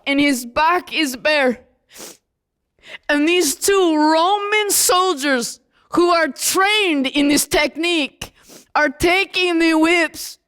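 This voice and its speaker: Woman as a grieving, indignant apostle, high voice, slow and emphatic. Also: a bit bright. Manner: emphatic and indignant, talks straight to the listener. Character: young apostle John, a man, grieving and indignant. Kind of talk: dramatic first-person monologue.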